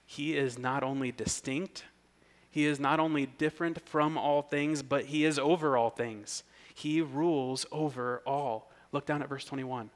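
A man preaching an expository sermon, earnest and emphatic, whose voice rises in pitch and volume when he reads scripture aloud. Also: steady tone, unhurried. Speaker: pastor.

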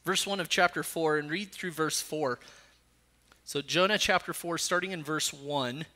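Reading scripture between his teaching points, this pastor speaks at a moderate pace in a somewhat high, bright, forceful voice. He climbs sharply when giving voice to Jonah's anger.

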